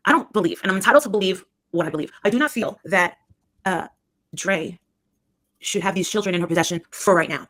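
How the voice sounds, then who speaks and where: A woman's voice: on the low side, a little fast, a bit bright. A woman on a live stream who rambles on scornfully and repeats herself, talking into a phone or webcam. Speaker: livestreamer. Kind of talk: rambling livestream gossip.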